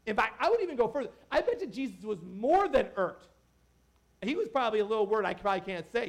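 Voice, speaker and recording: A man preaching a casual, conversational sermon as a pastor, animated and joking, with many asides to the congregation. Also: high-pitched, moderate pace, pauses often.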